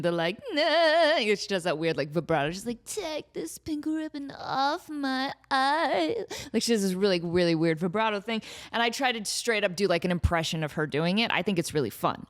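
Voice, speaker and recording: A woman in her thirties hosting a casual solo comedy podcast, chatty and self-deprecating, often breaking off mid-thought. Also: medium pitch. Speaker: podcast host.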